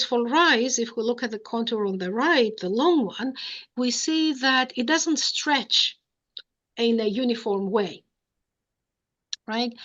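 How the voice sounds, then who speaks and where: A woman's voice: fairly high pitch, fairly bright tone, highs cut off. A woman giving an academic lecture, explaining step by step and checking in with her listeners. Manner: explanatory, checks in with "right?" and "okay?".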